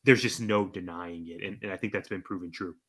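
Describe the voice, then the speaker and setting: A man's voice: deep voice, brisk, a bit bright, breathy edge. A man co-hosting a podcast, chatting casually and making his points with emphatic admiration. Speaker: podcast co-host.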